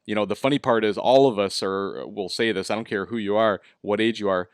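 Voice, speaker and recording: A man's voice: fairly low pitch, brisk, clear, resonant tone, no echo, clean studio sound. A middle-aged man hosting a casual interview, talking in an easygoing coaching way, often asking "right?". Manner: easygoing, coaching tone with lots of "you know" and "right?". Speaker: host.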